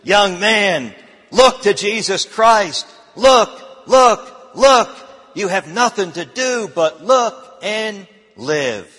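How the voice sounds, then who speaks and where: A pastor voicing a plain-spoken, fervent lay preacher who exhorts his listeners loudly. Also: on the high side, expressive, a little slow, breathy edge, in a large hall, heavily acted. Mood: pleading. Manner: emphatic, loud exhortation. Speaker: preacher figure in retold story.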